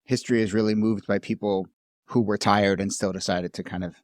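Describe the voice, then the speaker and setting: Man host, low voice, casual, appreciative, dry close sound. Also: level tone, a little fast, no room sound. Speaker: podcast host. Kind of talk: podcast discussion.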